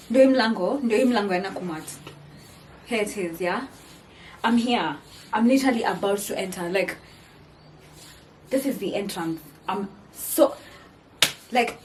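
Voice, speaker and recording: Her medium-pitched voice carries a little hiss or hum as this young vlogger with a Kenyan accent tells a storytime vlog. She's animated and laughing, mixing Swahili slang into her English.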